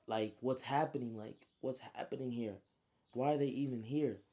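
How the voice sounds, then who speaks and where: A man's voice: medium pitch, steady tone, normal speed, warm tone, close to an everyday voice. A man voicing a panicked young man who fires off frantic questions.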